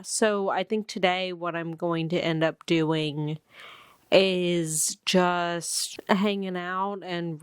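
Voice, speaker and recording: A young woman talks casually about a book she is reading, wandering off topic and restarting her sentences. She speaks slowly, at an unhurried pace. She sits at home in front of a camera that stays in one spot, and the sound is dry, with no room echo. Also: lowish voice, smooth. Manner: chatty, rambling, many fillers and restarts. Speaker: book vlogger. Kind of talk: casual reading vlog chat. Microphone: camera set in place.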